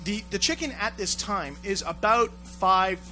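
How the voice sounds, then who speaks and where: A rowdy man with a high, very bright and cutting voice spins crude stories at full volume. He swears constantly, laughs often and jumps into voices for the people in his tales. Faint music runs behind him. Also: unhurried. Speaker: show host. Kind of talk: crude comedic storytelling banter.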